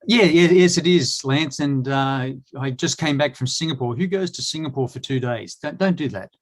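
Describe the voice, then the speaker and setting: A man's voice: mid-range voice, normal speed. Hesitant Australian man. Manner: hesitant, many fillers and restarts. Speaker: guest, cleaning industry expert. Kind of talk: casual online chat.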